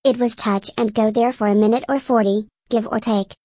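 Bright-voiced woman reading a jokey intro. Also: fairly high pitch, fairly even intonation, a little fast, husky, dry recording, clean studio sound. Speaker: podcast co-presenter. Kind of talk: scripted comedic intro.

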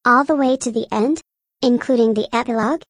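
A woman's voice: on the high side, fairly quick, husky, dry recording, studio quality. A woman reading a scripted comedic episode intro in a playful tone. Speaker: podcast co-presenter.

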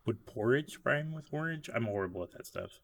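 A man chatting as a podcast guest, quiet and self-deprecating. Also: mid-range voice, expressive, a little fast, no room sound.

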